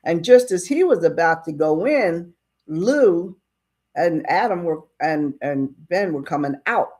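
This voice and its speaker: A woman's voice: lowish voice, lively intonation, a little slow, a little mellow. A woman casually retelling a western story in a chatty way, with asides to the listener.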